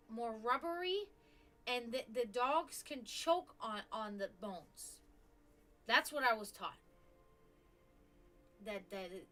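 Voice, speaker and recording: A woman's voice: fairly high pitch, sharp tone. A woman hosting a live stream, chatting casually and rambling, with frequent restarts and offhand swearing. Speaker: stream host.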